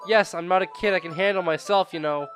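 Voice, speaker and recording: A man's voice: high voice, steady tone, quick pace, music in the background, lightly acted. A man reading the lines of a prickly, defensive teenage girl from a visual novel, in a snappy way. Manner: snappy, insisting.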